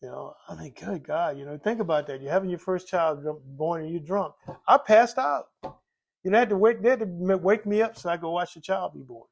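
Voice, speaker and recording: An older man telling the story of his recovery from alcohol in a rambling, candid way, repeating himself and filling pauses with "you know". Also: high-pitched, vocal fry. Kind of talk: candid personal testimony.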